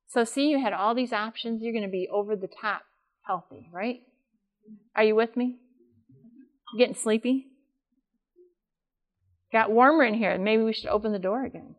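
A woman's voice: on the high side, clear, resonant tone. An older woman giving a live talk to an audience in a room, chatty and asking them questions. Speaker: speaker at a workshop.

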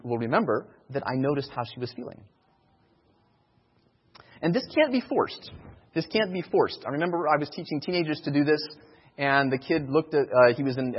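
A husky, medium-pitched male voice delivers an informal sermon on sharing faith, teaching evangelism. Earnest in tone, he repeats key phrases for emphasis. The sound is dull and echoey, as in a large hall.

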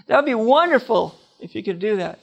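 A man voicing a bedridden older woman who is gently grateful and eager. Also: fairly high pitch, animated, brisk, vocal fry, highs cut off, pitched above the performer's own voice. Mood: delighted.

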